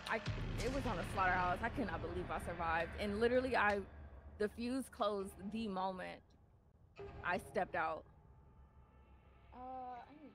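A woman chatting casually while gaming with friends, relaxed and quick to laugh. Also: mid-range voice, over music. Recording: loud background noise.

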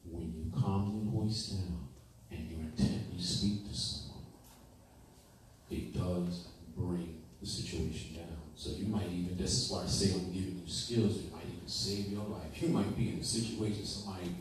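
Deep-voiced man lecturing in an echoey room. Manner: repetitive, conversational, slows into soothing hypnotic cadence. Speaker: teacher. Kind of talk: classroom lecture. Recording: echoey room from far off, faint noise.

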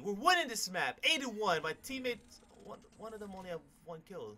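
High, animated young man hyping his gameplay. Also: fairly quick. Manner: hyped, cocky, swears a lot, sudden yells. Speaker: gaming YouTuber. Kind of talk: gameplay commentary.

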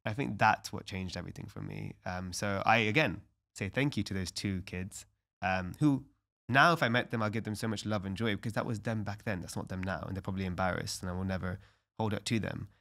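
A man's voice: on the low side, brisk, gravelly, fairly bright tone. A young adult man, a podcast guest talking earnestly and reflectively in casual conversation, with lots of "like" fillers.

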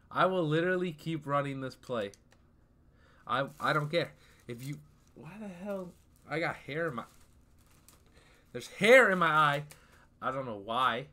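A young man giving casual live commentary over his football video game, easily frustrated and trash-talking, breaking into sudden shouts. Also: a little high, animated, a little slow, long pauses. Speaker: gaming YouTuber.

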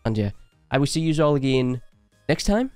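A man's voice: mid-range voice, big pitch swings, normal speed, darkish tone, smooth, no room sound, faint music behind. Blunt, joking man reacting to a clip. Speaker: reaction video host. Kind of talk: casual commentary.

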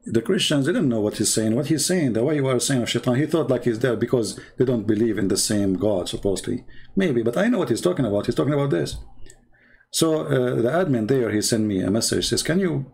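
A man giving mocking, incredulous commentary as a religious debater, retelling his debates with lively emphasis. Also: mid-range voice, fairly quick, vocal fry, slightly rough.

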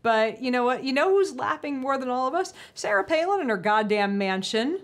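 Casting note: woman, high-pitched, brash, profane, sarcastic. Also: expressive. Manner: brash, swears freely, quick sarcastic asides. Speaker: science communicator. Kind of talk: casual conversation.

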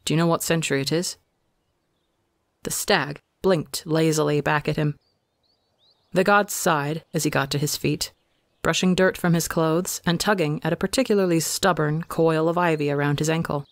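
Male reader for audio fiction; calm, measured delivery, dry close recording. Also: a little high, no echo. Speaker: fanfiction reader. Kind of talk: scripted narration.

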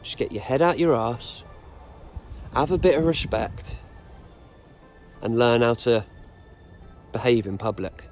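A man's voice: medium pitch, animated, unhurried, pauses often, soft background music. A middle-aged British man, a dog trainer vlogging outdoors on a walk, blunt and lecturing in his casual advice. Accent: British English. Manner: blunt, lecturing, plain-spoken. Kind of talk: casual instructional monologue.

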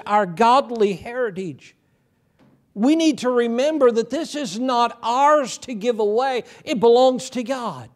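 A man with a notably high voice preaching to his congregation. He retells scripture in his own words, stumbling and restarting phrases as he goes. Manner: preaching with many repeated starts and retold Bible dialogue. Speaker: pastor. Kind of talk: sermon.

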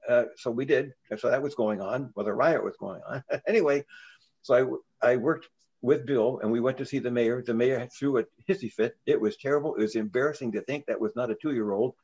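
An older man, a reverend, telling a story in an interview in an earnest way, with frequent halting restarts. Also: medium pitch, a little mellow, muffled recording.

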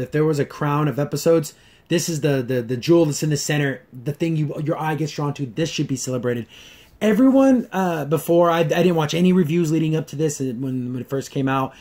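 Man, casual episode review, slightly high voice, rambling, lots of restarts and fillers. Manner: acts out characters' lines in lively voices. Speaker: host reviewing a cartoon episode.

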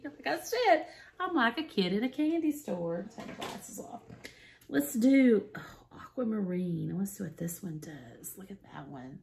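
A woman vlogger chatting excitedly through a makeup unboxing, gasping and gushing and often dropping to a whisper. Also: mid-range voice, measured pace, vocal fry.

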